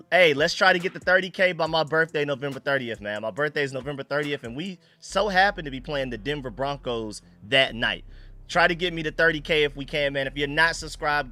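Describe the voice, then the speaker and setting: A man hosting a casual sports fan live stream, excitable and slangy, greeting chat viewers by name. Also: mid-range voice.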